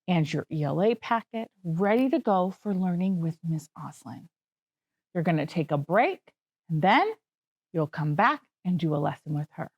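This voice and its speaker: A woman's voice: on the low side, darkish tone, lo-fi sound. A woman kindergarten teacher wrapping up a lesson for young children in a cheerful, encouraging way. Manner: cheerful, sing-song, encouraging. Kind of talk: classroom wrap-up for young children.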